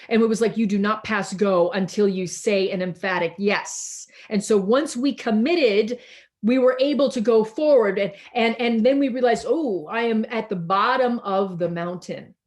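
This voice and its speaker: A woman's voice: mid-range voice, a little mellow. Reflective woman preaching over a video call. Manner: slow, reflective, with repeated words and emphatic pauses. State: tired. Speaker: pastor.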